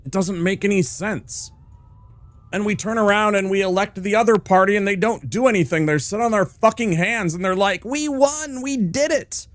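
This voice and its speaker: A man's voice: high voice, a little fast, a bit bright, no room sound. A male streamer ranting hard with heavy swearing while he plays a game. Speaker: gaming streamer.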